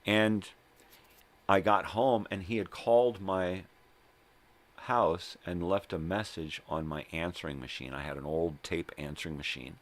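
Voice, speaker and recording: A man's voice: sits low, a little slow. An older man hosting his own video log, telling a personal story in a rambling, profane way and often checking in with "right?" and "you know?". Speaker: vlog host. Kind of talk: casual personal storytelling monologue. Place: at home.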